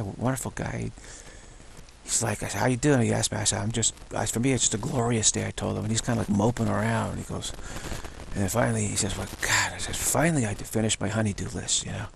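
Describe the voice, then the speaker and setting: A man with a lowish, gravelly voice keeps a steady tone while speaking fairly quickly, with a little hiss or hum in the recording. He's a spiritual teacher rambling through a casual, self-taped talk at home, repeating himself and chuckling.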